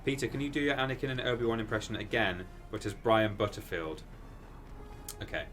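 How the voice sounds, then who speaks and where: A man chatting casually while streaming a video game, rambling and bursting into excited exclamations. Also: fairly low pitch, fairly quick, faint music behind. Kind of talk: casual gaming stream commentary.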